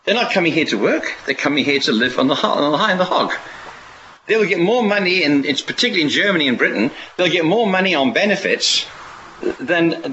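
A man's voice: fairly high pitch, bright, forceful tone, a little hiss or hum. A man preaching a sermon in a rambling way, often restarting and asking rhetorical questions. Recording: dull lo-fi recording.

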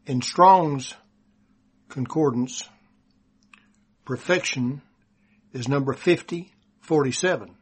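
A man from Texas with a Texan accent, preaching a sermon and reading scripture aloud slowly and deliberately. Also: medium pitch, husky.

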